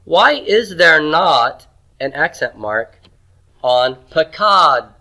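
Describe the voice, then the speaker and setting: Bright-voiced man teaching a class. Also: fairly high pitch, big pitch swings, takes it slowly, rough recording. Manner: drills pronunciation, asks the class questions, folksy jokes. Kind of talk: classroom lecture.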